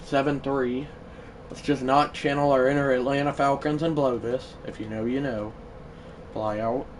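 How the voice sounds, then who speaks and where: A man streaming a baseball video game live, chatting loosely and bursting into shouted play-by-play calls. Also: medium pitch, steady tone, unhurried, far from the mic, slight background noise, rough recording. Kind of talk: live gaming stream commentary.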